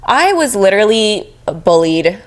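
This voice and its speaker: A woman co-hosting a podcast, telling a personal story as a chatty, animated storyteller in casual conversation. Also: mid-range voice, unhurried. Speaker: podcast co-host.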